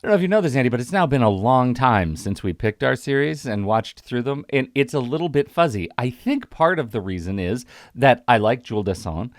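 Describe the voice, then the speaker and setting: A man's voice: mid-range voice, lively intonation, a little fast, hardly any pauses, no room sound, studio quality. A man hosting a film podcast in casual chat, thinking aloud and circling back on his sentences. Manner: thinking aloud, rambling with restarts. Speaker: podcast host.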